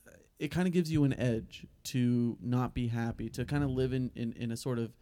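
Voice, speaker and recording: A young man co-hosting a podcast, talking in halting, hesitant casual chat with wry asides. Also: mid-range voice, steady tone, mellow. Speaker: podcast co-host.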